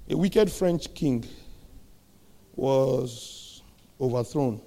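A man preaching a sermon, animated, throwing rhetorical questions at the congregation and swinging between loud and soft. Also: medium pitch, slow, gravelly, pauses often.

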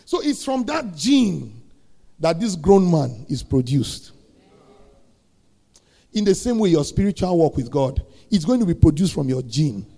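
A middle-aged man preaching a sermon, asking the congregation questions and building to shouted peaks. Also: fairly high pitch, very animated, unhurried, creaky, long pauses. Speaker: pastor.

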